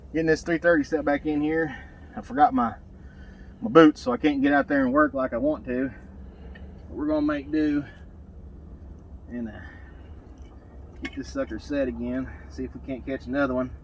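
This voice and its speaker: A man's voice: medium pitch, fairly even intonation, normal speed, long pauses, lo-fi sound, a little hiss or hum. A man, narrating his trapline outdoors in a folksy, rambling way with lots of fillers, somewhat out of breath. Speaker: trapper. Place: outdoors by ponds.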